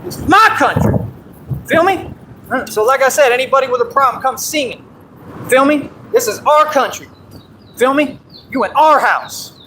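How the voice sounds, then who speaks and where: A man's voice: very high-pitched, moderate pace, sharp tone, slight background noise, rough recording. A man from Texas on a phone livestream, ranting in a brash, confrontational and boastful way. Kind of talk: livestream rant.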